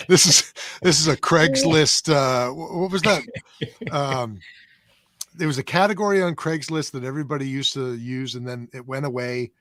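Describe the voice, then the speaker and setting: A man co-hosting a casual podcast, joking and rambling with quick asides. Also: mid-range voice, a bit bright, no echo. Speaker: podcast co-host.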